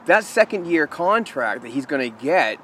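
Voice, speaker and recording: A man's voice: a little high, sing-song, moderate pace, sharp tone, slight background noise. A man co-hosting a casual sports talk show, laying out his views in a confident, emphatic way. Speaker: co-host of a hockey talk show. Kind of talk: casual analytical chat.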